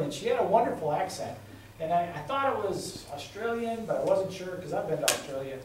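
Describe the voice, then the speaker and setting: His high, expressive voice has a darkish tone and moves a little quickly as this middle-aged congressional candidate tells folksy stories and hammers his points home by repeating them. Recorded from afar in an echoey indoor meeting room, the clip carries slight background noise.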